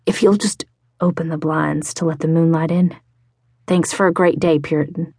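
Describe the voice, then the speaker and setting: A woman reading an audiobook voices a lanky young man who is gravely ill, speaking quietly and tiredly with a gentle tease. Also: deep voice, fairly even intonation, normal speed, no echo, clean studio sound. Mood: drowsy.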